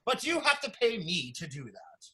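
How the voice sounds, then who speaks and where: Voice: mid-range voice, big pitch swings, moderate pace, a bit bright, pitched below the performer's own voice. An improviser doing a put-on British accent as a pompous, proud ship captain in an online improv scene. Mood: huffy. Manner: huffy, formal. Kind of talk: improv comedy over video call.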